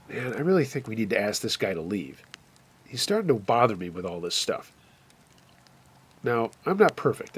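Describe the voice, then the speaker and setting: Husky guy reading a campfire scary story, plain steady delivery. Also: medium pitch. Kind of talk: narrated first-person scary story.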